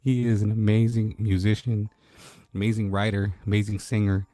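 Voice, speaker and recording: Man, laid-back livestream host, chatty, greets viewers by name; lowish, warm tone. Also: little pitch movement, moderate pace, no room sound, studio quality. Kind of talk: casual late-night livestream chat. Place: at home at night.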